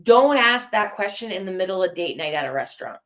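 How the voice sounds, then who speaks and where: A woman's voice: mid-range voice, sing-song, fairly quick, a crowd in the background. Frank woman co-host, casual chat. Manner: frank, candid, says "babe". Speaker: podcast co-host.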